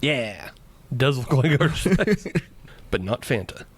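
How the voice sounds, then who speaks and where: A man's voice: medium pitch, big pitch swings, a little slow, husky. A man co-hosting a beer podcast in casual chat, laughing often and mocking himself. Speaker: podcast co-host.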